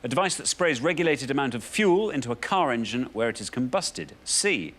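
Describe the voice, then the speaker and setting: A man's voice: medium pitch, expressive, fairly quick, a bit bright. A man hosting a television quiz show, reading clues aloud in a playful manner in a studio.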